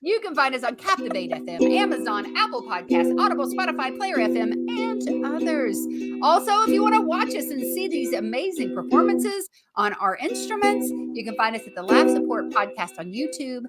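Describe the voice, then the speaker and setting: Bubbly high-voiced woman podcast host. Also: moderate pace. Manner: bubbly, excitable, playful. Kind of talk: casual chat. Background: ukulele music.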